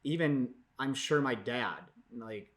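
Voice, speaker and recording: A man co-hosting a casual chat podcast, bantering and teasing with quick reactions. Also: medium pitch. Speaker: podcast co-host.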